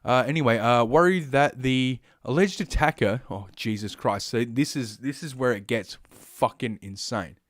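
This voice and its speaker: Rambling, foul-mouthed streamer, mid pitch, dead-dry mic. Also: male voice, moderate pace, hardly any pauses, no room sound. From Australia. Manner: profane, rambling, heavy swearing. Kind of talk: ranting commentary stream.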